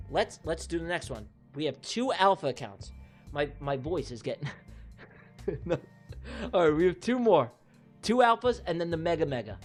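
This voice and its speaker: A livestream host giving playful race commentary during a giveaway, teasing winners with silly nicknames. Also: mid-range voice.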